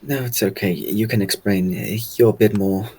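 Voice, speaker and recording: A man playing a tabletop game, speaking in character in a polite, measured and diplomatic way. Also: on the low side, steady tone, a little mellow, husky, low-quality recording. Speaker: player. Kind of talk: in-character role-play.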